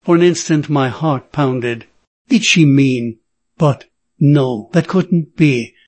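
A man narrating an adventure novel in a steady, measured reading. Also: fairly high pitch, no room sound. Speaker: audiobook narrator. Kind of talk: scripted narration.

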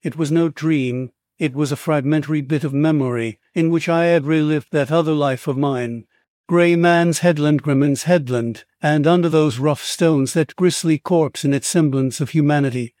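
Man narrating a dark tale, dry close sound. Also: on the high side, dry recording. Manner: dramatic, measured storytelling. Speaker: audiobook narrator. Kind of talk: scripted first-person horror narration.

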